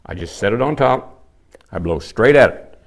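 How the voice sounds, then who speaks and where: With a lowish voice, lively intonation, and normal speed, an older man runs a practical elk calling lesson. He's folksy and plainspoken, demonstrating calls along the way.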